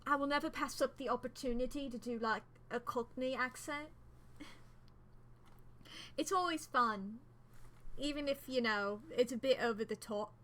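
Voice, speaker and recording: Woman streamer, casual self-deprecating commentary, somewhat high voice. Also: moderate pace, long pauses, a bit bright. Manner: rambling, self-deprecating, giggly asides. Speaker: streamer playing a story game. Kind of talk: casual game commentary, reading dialogue aloud.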